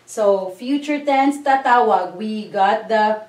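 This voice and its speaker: Woman, teacher, patient, slow, repeats and spells out words, echoey room, distant mic. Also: mid-range voice, darkish tone. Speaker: language teacher. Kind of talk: explanatory grammar lesson.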